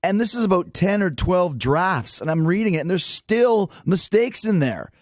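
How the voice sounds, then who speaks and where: A middle-aged Canadian man talking as a radio show guest, animated and quick to laugh, slipping into little acted-out quotes. His voice sits a touch high for a man. The studio sound is close and dry. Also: no room sound. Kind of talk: casual radio interview chat.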